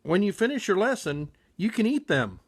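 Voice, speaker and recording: A man's voice: high voice, big pitch swings, moderate pace, husky, pitched above the performer's own voice, full character voice. A man voicing a firm, sensible ski instructor in a storybook. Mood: instructing.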